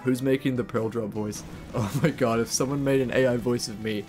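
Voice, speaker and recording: Young New Zealand man, rambling gamer-streamer energy, mid-pitched voice, faint game music underneath. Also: steady tone, fairly quick, a little mellow. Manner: rambling, laughing, swearing casually. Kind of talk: casual live-stream gaming chat.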